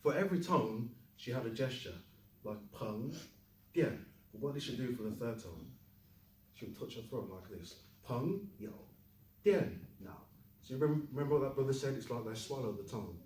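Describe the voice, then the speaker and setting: A man teaching a classroom lesson, lively, quizzing the class and joking. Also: mid-range voice, fast, reverberant, far from the mic, slight background noise, rough recording. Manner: lively, asks the class questions, jokes. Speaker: Chinese teacher.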